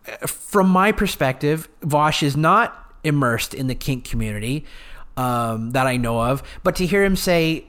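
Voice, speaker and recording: A man's voice: fairly high pitch, a bit bright. A man hosting a solo podcast, talking earnestly and with opinions, thinking aloud with fillers. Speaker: podcast host.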